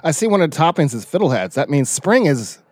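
A male co-host in casual chat, laughing often and talking with many fillers, sounding tired from a rough week. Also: on the high side, very animated, fast, a little mellow, no echo. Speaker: radio co-host.

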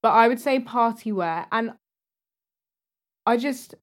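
Young woman chatting on a fashion podcast, emphatic and quick to jump in. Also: a little high. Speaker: podcast co-host. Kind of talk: casual chat.

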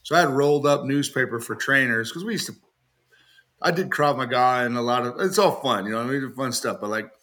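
A man's voice: medium pitch, a little fast, bright, forceful tone. A man talking casually on a podcast as a knifemaker guest, telling joking stories and often laughing, and putting on raised voices when he quotes people.

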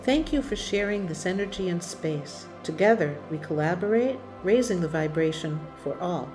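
Gentle, soothing woman spiritual host. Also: fairly low pitch, animated, moderate pace, over music. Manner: gentle, soothing, emotional at times. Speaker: medium and author, podcast host. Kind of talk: guided spiritual talk.

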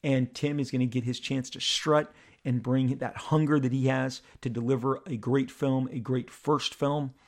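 A middle-aged man with a gravelly, creaky edge to his voice tells a personal story as a podcast host. He speaks at an ordinary pitch for a man, animated and halting, often repeating words as he goes.

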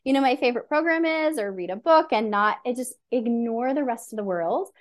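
A middle-aged woman coach, a podcast guest, telling stories in an earnest, animated way. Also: a little high, fairly quick. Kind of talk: conversational interview.

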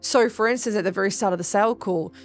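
Woman podcast host and business coach, mid-pitched voice, chatty and emphatic, swears casually; soft music faintly behind. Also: fast. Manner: chatty and emphatic, swears freely, addresses listeners as guys. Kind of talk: casual motivational monologue.

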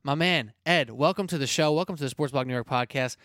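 A man hosting a sports podcast, energetic, blunt and chatty. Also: fairly high pitch, fast talker, no room sound, clean studio sound. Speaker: podcast host. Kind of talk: casual sports podcast talk.

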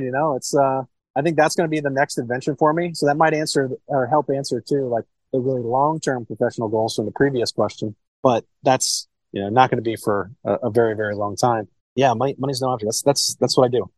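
A sommelier and wine shop owner in his thirties from Cincinnati, Ohio, rambles loosely through a podcast interview, often swearing and repeating words. His medium-pitched voice has fairly even intonation and a fast pace, on a rough recording with no room sound.

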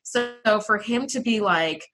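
A young adult woman co-hosting a podcast in casual chat, animated and exclamatory, with lots of "like.". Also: fairly high pitch, unhurried, over music. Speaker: podcast co-host.

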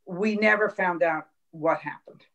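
A woman guest on a podcast, talking quietly and in a measured way about a hard time. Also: fairly low pitch, highs cut off. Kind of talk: reflective conversation.

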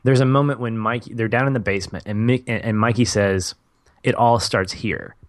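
Low-voiced man telling movie anecdotes. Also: a little fast, no echo, clean studio sound. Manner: enthusiastic storyteller, laughs mid-sentence. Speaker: podcast co-host. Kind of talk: casual movie discussion.

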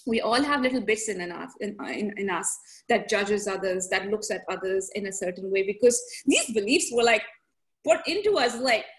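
A woman with a shifting mixed accent, chatting as a podcast guest and telling animated stories, laughing often and acting out voices. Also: medium pitch, normal speed. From grew up in several countries. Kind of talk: casual conversational storytelling.

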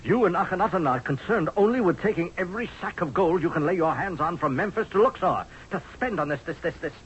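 Radio drama: hard-nosed sarcastic general, animated delivery, dull vintage broadcast sound. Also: male voice, high voice, fast talker, a little hiss or hum. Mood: scornful. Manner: sarcastic, forceful, pleading. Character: blunt scornful male Egyptian general. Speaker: actor. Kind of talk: 1970s radio drama acting.

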